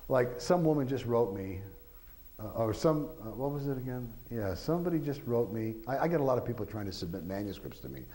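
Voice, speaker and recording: A man's voice: mid-range voice, sing-song, fairly quick, dark tone, poor audio. A man, an author, giving an informal talk to an audience, rambling through anecdotes with lots of filler phrases and acting out quoted voices.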